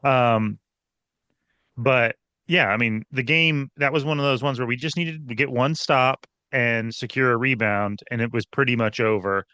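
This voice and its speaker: A man co-hosting a basketball recap show, breaking down the game in an animated, casual way with frequent restarts. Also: medium pitch, normal speed, smooth, dry recording. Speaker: podcast co-host. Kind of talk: casual sports analysis chat.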